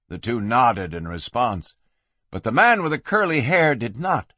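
A man narrating an audiobook with expressive storytelling. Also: fairly low pitch, measured pace, no echo.

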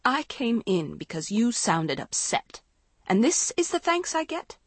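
A woman's voice: mid-range voice, very animated, measured pace, breathy edge. A woman voicing an angry, accusing teenage girl swimmer who snaps bitterly, in a storybook reading.

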